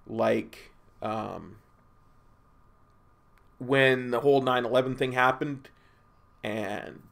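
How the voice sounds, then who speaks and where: Gravelly laid-back gaming streamer. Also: male voice, medium pitch. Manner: laid-back, rambling, chatting with viewers. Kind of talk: casual gameplay chat.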